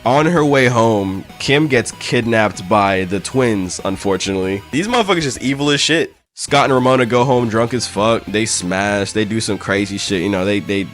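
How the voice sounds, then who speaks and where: A man's voice: fairly low pitch, moderate pace, hardly any pauses, fairly bright tone, faint music behind. A man recapping a story in a casual, slangy, profane way. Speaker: comic book summarizer.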